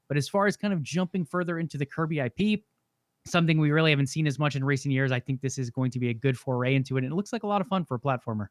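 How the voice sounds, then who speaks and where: A man co-hosting a gaming podcast, giving a steady, informative rundown with some fillers. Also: on the high side, very fast, no room sound. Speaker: podcast co-host. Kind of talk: casual chat.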